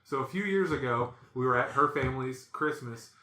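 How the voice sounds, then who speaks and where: A man hosting a podcast, telling stories in a casual, animated way and acting out the voices in them. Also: mid-range voice, fairly quick, echoey room. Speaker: podcast host. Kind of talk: casual storytelling chat.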